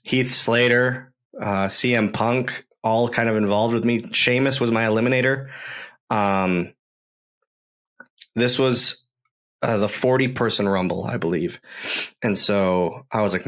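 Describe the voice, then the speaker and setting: A man's voice: fairly low pitch, unhurried, fairly bright tone. Man, podcast storyteller, enthusiastic, rambling, repeats phrases. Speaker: podcast host, former wrestler.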